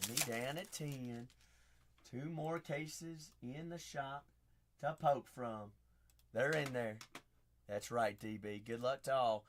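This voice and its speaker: A man's voice: mid-range voice, slow, slight background noise. A man hosting a live card break stream, chatty and hyping up his viewers. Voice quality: raspy. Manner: chatty, hypes up viewers, shouts out names.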